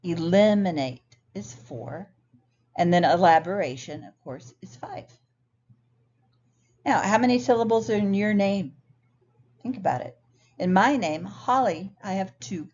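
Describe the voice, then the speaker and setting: A woman teaching an English pronunciation lesson, speaking slowly and clearly and sounding out example words. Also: mid-range voice, animated, darkish tone, muffled recording. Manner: slow, clear teaching delivery with careful word examples. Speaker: ESL teacher. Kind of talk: recorded lesson.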